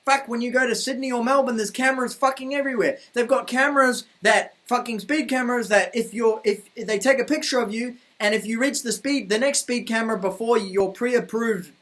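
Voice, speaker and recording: A man's voice: extremely high pitch, fairly quick, few pauses, fairly bright tone. A man with a New Zealand accent, ranting heatedly in a vlog, swearing constantly and repeating himself. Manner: profane, heated, repetitive ranting. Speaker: vlogger.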